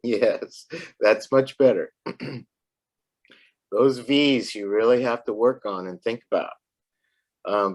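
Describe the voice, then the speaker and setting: A woman tutoring English one-on-one, patiently drilling words and repeating them clearly for a child. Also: extremely low pitch, darkish tone. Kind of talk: one-on-one pronunciation lesson.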